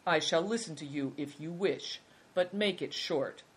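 A storyteller voicing a sly, self-satisfied truck driver who talks calmly and drily. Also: medium pitch, unhurried, slightly rough. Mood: smug. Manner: calm, dry, haughty.

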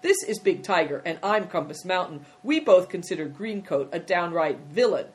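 A woman's voice: on the low side, lively intonation, normal speed, close to an everyday voice. A woman voicing an earnest, well-mannered young boy in a storybook reading. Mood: firm. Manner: earnest and proper.

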